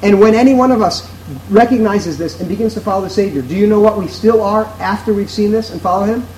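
A man's voice: high voice, fast, darkish tone, a little hiss or hum, poor audio. A man preaching a sermon to his congregation in an earnest, emphatic way, driving his points home through repetition. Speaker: pastor.

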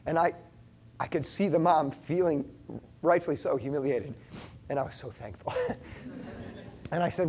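Middle-aged guy preaching a sermon, slightly high voice, earnest storyteller. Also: lively intonation, fairly quick, long pauses, husky. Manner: earnest storytelling, shifting between loud and hushed. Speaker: pastor.

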